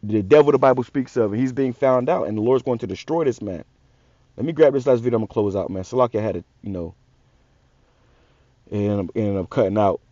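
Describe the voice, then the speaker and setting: Male street preacher, fast and profane, heated, dry lo-fi audio. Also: lowish voice, dark tone, no room sound. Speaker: religious channel host. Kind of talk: ranting street sermon.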